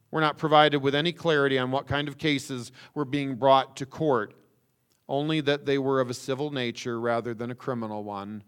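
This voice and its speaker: A man preaching a sermon, stressing words with slow emphasis and rhetorical questions. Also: mid-range voice, fairly bright tone, clean tone. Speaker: pastor.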